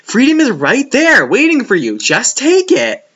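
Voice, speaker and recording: A cocky, condescending young male hedgehog hero from a comic, as a man mocks him in a raised, bright voice. The lines leap up and down with exaggerated smugness, and the recording sounds dull and lo-fi. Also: very high-pitched, huge pitch swings, measured pace, pitched above the performer's own voice, full character voice. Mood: mocking. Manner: mocking, condescending imitation.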